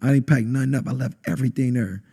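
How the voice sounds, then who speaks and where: A man, a podcast guest telling an intense personal testimony and acting out quotes with sudden high bursts. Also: fairly even intonation, fast, creaky, warm tone, breathy edge. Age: adult, has a wife. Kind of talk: emotional testimony in conversation.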